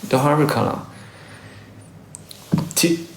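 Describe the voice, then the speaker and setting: A man's voice: fairly high pitch, expressive, very slow, creaky, slight background noise. Man, diluted Aussie accent, loose live-stream chatter, roomy echo on a phone mic. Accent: Australian English, softened by years abroad. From Australia. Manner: rambling, self-correcting, frequent laughs. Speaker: livestreamer. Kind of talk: casual live-stream chat reading comments.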